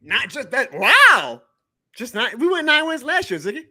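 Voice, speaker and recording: A man hosts a live sports stream, his voice high and bright. He rants hard, swears freely and breaks into laughs between points. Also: very animated, normal speed. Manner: fired-up ranting, profane, laughs often. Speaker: podcast host.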